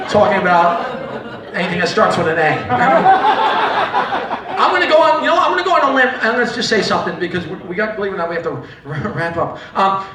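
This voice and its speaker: A man's voice: sits high, big pitch swings, brisk, very noisy. A man from New Jersey doing live stand-up, teasing the audience and rambling between laughs. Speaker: stand-up comedian. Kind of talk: live stand-up with crowd work. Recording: echoey room, far mic, crowd.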